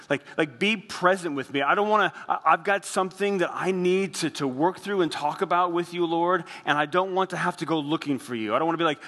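A man preaching a sermon as pastor, earnest, slowing down and dropping his voice on heavy phrases. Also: a little high, a bit bright, in a large hall.

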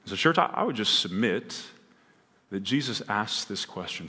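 A man's voice: on the low side, lively intonation, normal speed, pushed and bright, breathy edge, long reverb tail. A man preaching a sermon in a church, earnest and building to emphatic peaks, often restarting his words. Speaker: pastor. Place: church sanctuary.

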